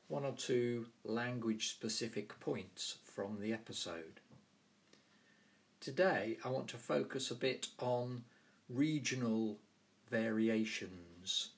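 A man with a Southern English accent hosting a language podcast, explaining points in a measured, scripted way. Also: mid-range voice. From London and the South of England. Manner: measured, carefully spoken. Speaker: podcast host.

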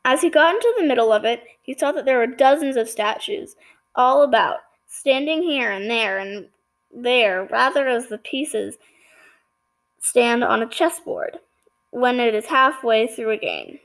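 A woman with a fairly high voice reads a children's novel aloud, chapter by chapter. She sometimes trips on a word, says excuse me and goes back over it. Her delivery is a relaxed, homespun read-aloud. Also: a little slow, poor audio. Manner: stumbles and apologizes for slips. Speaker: reader. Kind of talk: reading a children's book aloud.

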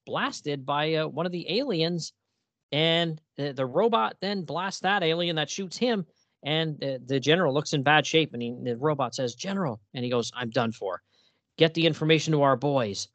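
A man's voice: fairly high pitch, moderate pace, fairly bright tone, no room sound, highs cut off. A man hosting a podcast, chatting casually and with enthusiasm, laughing often and restarting his sentences. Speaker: podcast host. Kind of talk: casual chat.

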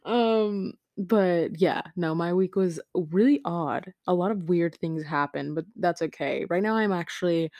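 A woman's voice: fairly low pitch, unhurried, few pauses, a little mellow, no echo. A tired teenage girl hosting her own podcast from her bed at home, rambling casually with lots of fillers and giggles. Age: teens. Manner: rambling, giggly, many fillers and self-interruptions. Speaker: podcast host. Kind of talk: casual chat. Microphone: home podcast mic.

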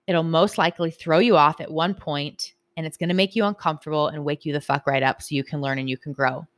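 A woman's voice: low voice, fast, no echo. Candid swearing woman, dry close sound. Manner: candid, swears freely, animated. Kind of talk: casual motivational talk.

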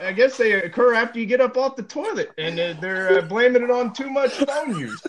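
Rambling high-voiced man reading news. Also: expressive, fairly quick. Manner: rambling, full of fillers, laughs while reading. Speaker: podcast co-host. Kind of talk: casual chat reading a news story.

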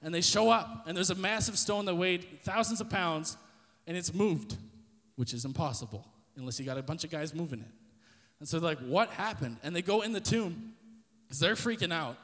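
Male preacher, high voice, intense storyteller who often restarts his words, long hall reverb. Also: normal speed, fairly bright tone. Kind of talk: sermon.

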